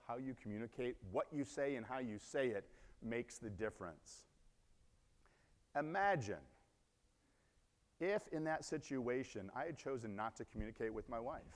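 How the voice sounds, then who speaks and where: A man at a conference talks to the crowd in an ordinary mid-range voice, acting out each beat of his story and stopping to ask the audience questions. His voice rings out into a long hall reverb. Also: medium pitch. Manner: animated, acts out scenes, asks the crowd questions. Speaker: conference speaker. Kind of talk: keynote storytelling.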